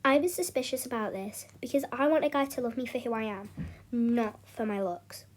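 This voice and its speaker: A young woman with a slightly high voice tells a storytime in a loose, chatty way. She keeps restarting her sentences and falls back on "anyway, so" as she goes. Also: a little fast. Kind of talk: casual storytime narration.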